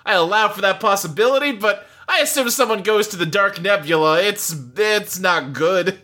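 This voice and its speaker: A man's voice: high voice, moderate pace, pushed and bright. A man co-hosting a podcast, chatting casually and thinking aloud with plenty of hedging. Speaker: podcast co-host. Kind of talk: casual chat.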